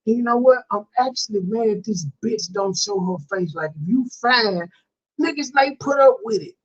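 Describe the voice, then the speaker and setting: A man's voice: high voice, animated, moderate pace, muffled recording. A man hosting a reaction commentary, ranting with profane disbelief. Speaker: commentary channel host.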